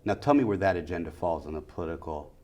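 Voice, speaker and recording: A man's voice: sits low, expressive, quick pace, mellow. A middle-aged man, a school superintendent, answering interview questions emphatically and repeating key phrases.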